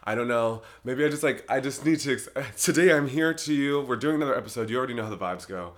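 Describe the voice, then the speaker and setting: A young man hosts his own solo podcast, rambling casually, giggling often and cutting himself off mid-sentence. His voice is mid-range and he talks fast.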